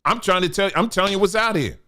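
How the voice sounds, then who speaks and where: A man's voice: high-pitched, fast, bright, forceful tone. A man hosting a commentary show, delivering an emphatic, preachy monologue. He calls his listeners family and repeats phrases for emphasis. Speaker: show host.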